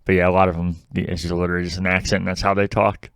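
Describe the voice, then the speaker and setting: A man co-hosting a gaming podcast, laid-back and quick to laugh. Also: low voice, little pitch movement, fairly bright tone, no echo. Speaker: podcast co-host. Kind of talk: casual chat.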